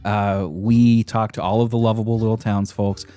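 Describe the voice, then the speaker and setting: Low-voiced man recapping a game. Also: little pitch movement, moderate pace, warm tone, soft background music. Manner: enthusiastic, profane, laughs often. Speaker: podcast host. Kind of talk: casual game recap chat.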